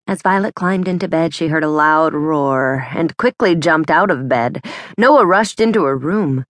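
A woman narrating a children's adventure audiobook in clear, measured storytelling. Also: low-pitched, lively intonation, no room sound, clean studio sound. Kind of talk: scripted narration.

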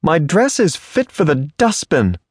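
A man's voice: on the high side, huge pitch swings, measured pace, darkish tone, no echo, studio quality, pitched above the performer's own voice, heavily acted. A man voicing a prim, indignant young lady in a Western romance audiobook, speaking formally and haughtily. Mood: sulky.

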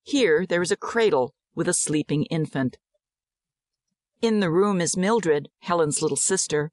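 A woman narrating a dramatized audiobook in a measured, descriptive way. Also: fairly low pitch, darkish tone, no room sound, clean studio sound.

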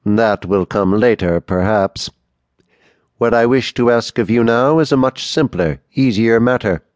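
A male audiobook narrator voicing a haughty, scheming duke who speaks slowly and weighs each word, with a cold, ironic edge. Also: medium pitch, a little mellow, no echo, voice pushed up, close to an everyday voice.

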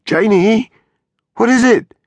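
A male audiobook narrator voicing a frightened young husband who speaks in a hoarse, anxious, urgent way. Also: fairly high pitch, lively intonation, slow pace, no room sound, pitched above the performer's own voice. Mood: desperate. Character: frightened young husband tending his stricken wife.

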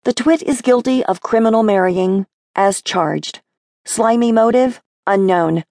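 A woman voicing a blunt, sharp-tongued seventeen-year-old girl in a brisk, scolding manner. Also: fairly high pitch, no echo, studio quality, voice pushed up. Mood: wry.

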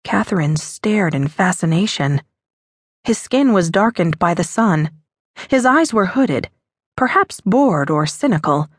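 Expressive woman narrating a romance. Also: mid-range voice, slightly rough, dry recording, clean studio sound. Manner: expressive, lilting storytelling. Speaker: audiobook narrator. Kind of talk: scripted narration.

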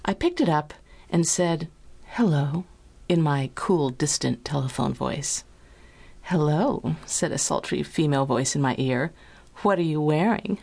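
A woman's voice: low-pitched, creaky, a little mellow. A woman hosting a podcast, reading a story aloud in a playful, laughing manner.

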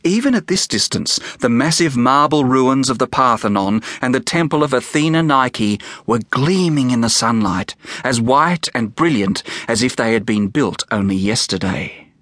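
Male narrator for a kids' novel; animated, storytelling delivery, dry booth sound. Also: mid-range voice, moderate pace, few pauses, dry recording. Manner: expressive, storytelling. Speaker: audiobook narrator and author. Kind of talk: scripted narration of a children's novel.

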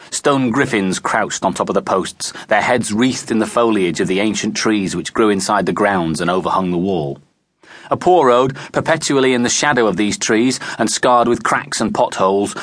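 A man reads a children's adventure aloud with expressive storytelling. His voice sits on the low side but rises and falls freely. The studio sound is close and dry. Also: moderate pace, no echo. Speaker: audiobook narrator. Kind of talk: scripted narration. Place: recording studio. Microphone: close studio mic.

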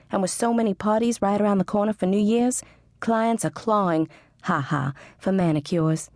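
A woman's voice: fairly low pitch, a little mellow, no room sound, clean studio sound. A woman reading a first-person audiobook narration in a wry, sarcastic manner. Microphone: studio close mic.

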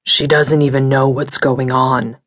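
A woman putting on a gruff, deep-voiced gossiping woman. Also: level tone, unhurried, no room sound. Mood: scornful. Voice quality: gruff, deeper voice. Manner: blunt, demanding.

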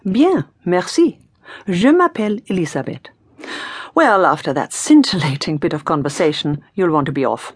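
A woman's voice: sits low, expressive, moderate pace, slightly rough, dry recording, clean studio sound. A woman teaching in a scripted audiobook lesson, prompting the learner in an encouraging, playful way. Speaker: language teacher.

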